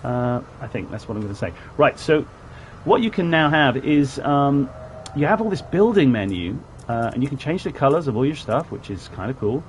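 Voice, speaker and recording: A man's voice: mid-range voice, big pitch swings, normal speed, slight background noise. A man from southwest England chatting casually while streaming a game, rambling and greeting viewers in chat. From Plymouth, southwest England. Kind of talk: casual live-stream gameplay commentary.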